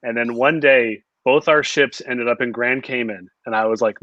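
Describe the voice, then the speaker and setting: A man's voice: mid-range voice, fairly even intonation, a little fast, few pauses, bright, forceful tone, dry recording, dull audio. A man chatting casually as podcast host, telling stories and laughing often. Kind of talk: casual chat.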